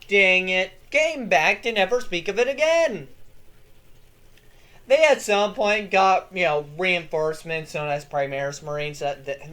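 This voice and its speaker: A young adult lore channel host in casual commentary, hoarse from yelling and excitable, swearing freely. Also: mid-range voice.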